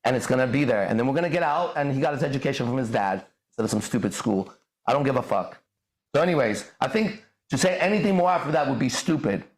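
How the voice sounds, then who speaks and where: A man ranting as a podcast host, profane and forceful, hammering each point with blunt emphasis. His voice sits in a middling register. A roomy echo hangs around every line. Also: mid-range voice, lively intonation, fast talker. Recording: echoey room.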